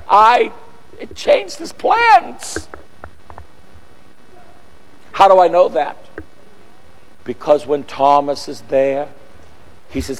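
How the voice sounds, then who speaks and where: A man preaching a sermon, emphatic and repetitive, building from quiet phrases to shouted lines. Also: a little high, sing-song, slow pace, long pauses. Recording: long echoey hall.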